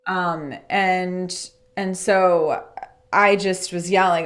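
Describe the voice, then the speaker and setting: A woman's voice: lowish voice, extremely slow. A woman speaking as a podcast guest, telling a personal story earnestly and reflectively. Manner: acts out remembered dialogue in lively voices. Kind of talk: casual interview storytelling.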